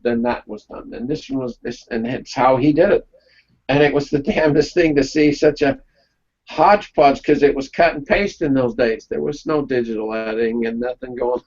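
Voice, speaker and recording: A man of ordinary pitch leads a relaxed round-table discussion, spinning folksy anecdotes and pausing to check in with the room. His voice comes through a dull, lo-fi recording that takes the shine off the highs. The talk is casual and unscripted. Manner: folksy storytelling, checks in with "okay?". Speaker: webinar presenter.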